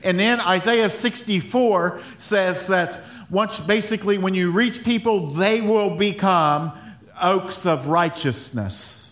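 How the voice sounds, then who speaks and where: A man with a high-pitched voice delivers a sermon. He talks in a loose, conversational way, often laughing and stumbling over restarts. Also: takes it slowly, a bit bright. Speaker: pastor.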